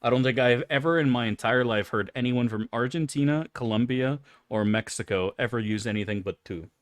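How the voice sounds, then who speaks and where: A man's voice: medium pitch, a little fast, no echo, studio quality. A man casually commenting on his gameplay for viewers, joking and crude. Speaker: streamer.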